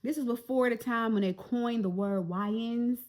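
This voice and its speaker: A woman, telling an animated storytime straight to her viewers. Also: fairly high pitch, moderate pace. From Jacksonville, Florida. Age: 40s. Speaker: vlogger. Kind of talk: storytime vlog.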